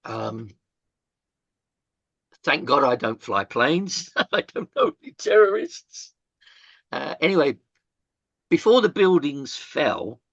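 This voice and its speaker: Older man, halting and dry. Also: mid-range voice, fairly bright tone, no echo, highs cut off. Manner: halting, many fillers and restarts, casual swearing. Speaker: interview guest. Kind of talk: candid storytelling in conversation.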